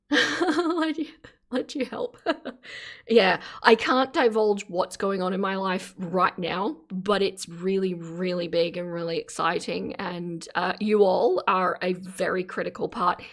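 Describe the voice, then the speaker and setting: Gushing woman streamer thanking donors. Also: fairly low pitch. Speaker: livestream host. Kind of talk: casual live-stream chat reading donations.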